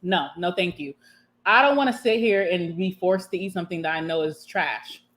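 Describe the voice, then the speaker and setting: Young woman eating and spilling her dating opinions, sassy, kinda low voice. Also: normal speed, a bit bright. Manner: candid, sassy, laughs often, talks while eating. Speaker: vlogger. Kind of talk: casual mukbang chat to camera.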